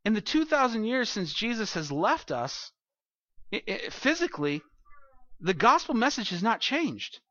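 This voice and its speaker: A male pastor preaches from the front of a church in an animated, conversational way. His voice is bright and forceful. The lo-fi recording is dull and dry. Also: sits high, a little slow, no room sound. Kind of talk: sermon.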